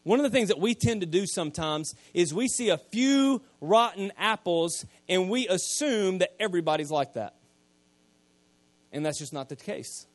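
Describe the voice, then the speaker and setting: A man, preaching a sermon, retelling scripture in casual everyday speech and swinging from quiet asides to loud emphasis. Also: sits high, animated, normal speed, no echo. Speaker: pastor.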